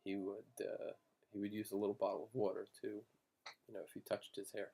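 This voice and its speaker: A man telling family anecdotes in an interview, halting and digressive, with frequent restarts. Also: on the low side, little pitch movement, mellow, husky. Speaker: family descendant telling stories.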